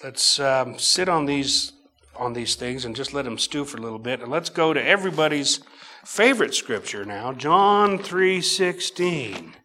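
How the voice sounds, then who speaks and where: A middle-aged man preaches slowly and emphatically from scripture, alternating loud bursts with quiet asides. His voice is medium-pitched and expressive.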